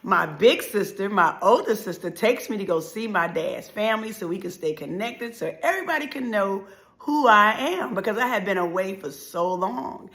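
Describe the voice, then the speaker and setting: A woman giving an emotional motivational talk, telling a dramatic life story that swings from loud, emphatic lines to hushed ones. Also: mid-range voice, animated, moderate pace. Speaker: motivational speaker.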